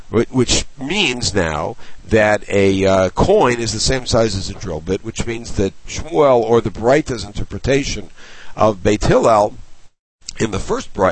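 A man's voice: mid-range voice, vocal fry, breathy edge, poor audio. A man giving a Talmud lesson, reading short Aramaic phrases and explaining each one in English, often in a stop-start way. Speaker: Talmud teacher.

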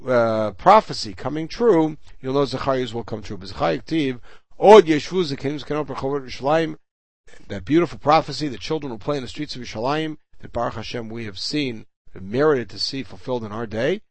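An older man teaches a Talmud class in a gravelly voice at a medium pitch. He reads each line of the source text aloud and then explains it in plain English. The recording is dry and close, with almost no room sound. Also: fairly quick, no echo. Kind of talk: Talmud class, reading and translating.

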